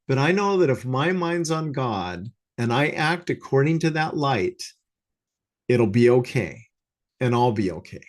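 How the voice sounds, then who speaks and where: A man giving an informal spiritual talk to a small congregation, earnest and conversational, pausing and restarting as he thinks aloud. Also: medium pitch. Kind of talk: informal sermon. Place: talk to a small congregation, also streamed online.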